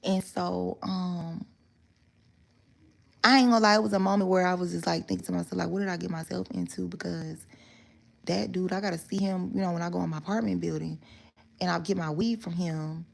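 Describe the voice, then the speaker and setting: A woman's voice: on the low side, fairly even intonation, brisk, gravelly. A woman talking straight to her viewers in a casual story time monologue, candid and rambling, with plenty of swearing. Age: adult. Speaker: vlogger telling a story.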